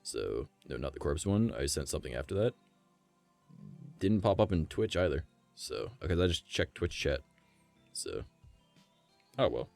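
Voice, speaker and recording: A man streaming from home, chatting casually with a gravelly, vibrating voice, rambling and swearing. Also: a bass voice, sing-song, normal speed, pauses often, darkish tone, faint music behind. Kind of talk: casual live-stream chat.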